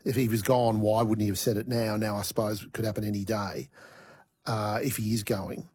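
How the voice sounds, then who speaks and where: A man's voice: on the low side, fairly even intonation, fairly quick, darkish tone. A man giving opinionated football analysis on talk radio. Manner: opinionated, trails off and restarts. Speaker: football commentator.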